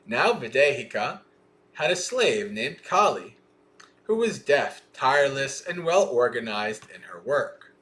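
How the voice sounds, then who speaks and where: A man reading a Buddhist sutta aloud on a livestream and pausing to explain it in a thoughtful, questioning way. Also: medium pitch, big pitch swings, a bit bright. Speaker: Dhamma teacher.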